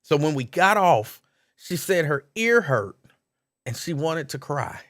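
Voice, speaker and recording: A man's voice: a little high, big pitch swings, a little slow, a bit bright. A man hosting a live call-in stream, chatting casually, reading out viewers' names and laughing easily.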